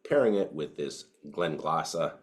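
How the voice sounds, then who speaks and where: A bass-voiced man with lively intonation speaks at a moderate pace while co-hosting a podcast at home. The conversation over cigars and whiskey is relaxed and profane, with lots of fillers.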